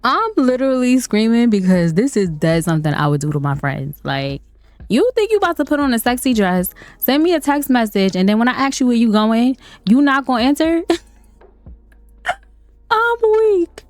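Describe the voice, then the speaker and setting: A woman's voice: a little high, very animated, a little fast, a little mellow, dry recording, soft background music. A woman hosting a life-sim let's play, chatting and laughing with her viewers as she plays. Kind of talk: casual gameplay commentary.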